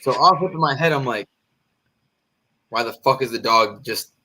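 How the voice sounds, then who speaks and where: Animated, swearing man telling a story. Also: medium pitch, moderate pace. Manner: animated, profane, acts out quoted voices. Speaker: podcast co-host. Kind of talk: casual storytelling among friends.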